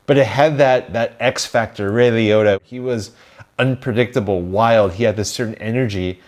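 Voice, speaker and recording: A man with a lowish voice talks films on a podcast. He gives his opinions freely and jokes along the way. His talk is casual, with a few restarts. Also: moderate pace. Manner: opinionated, joking, with some restarts. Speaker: podcast co-host. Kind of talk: casual film review chat.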